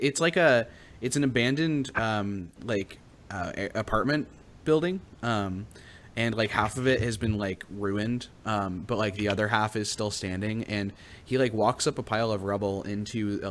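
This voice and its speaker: A man's voice: fairly low pitch, slight background noise. A young man narrating as game master in a rambling, filler-heavy way. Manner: rambling, full of fillers and restarts.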